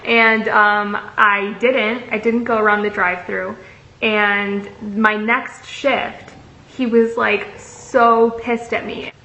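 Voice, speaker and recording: Speaking slowly in a mid-range voice, this young woman sounds pushed and bright, her intonation fairly even. She's vlogging a laid-back storytime, reading out messages, cursing openly and filling gaps with "like" and "um." The room echoes and the audio is a bit muffled.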